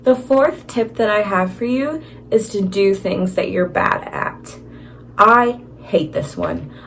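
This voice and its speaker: A woman's voice: medium pitch, big pitch swings, takes it slowly, a bit bright, a little hiss or hum. Chatty young woman vlogging advice. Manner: chatty, filler-heavy, self-deprecating. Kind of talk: casual advice vlog.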